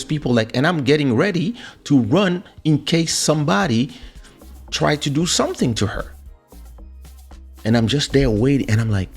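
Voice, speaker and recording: A male show host excitedly telling a personal story into a studio microphone, repeating words and restarting as he goes. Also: medium pitch, slightly rough. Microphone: studio USB microphone.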